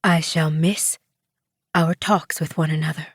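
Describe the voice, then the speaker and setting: A woman narrator voicing a tough, motherly older female prison inmate with a soft, gruff, coaxing manner. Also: sits low, steady tone, measured pace, no room sound, studio quality. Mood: gentle coaxing.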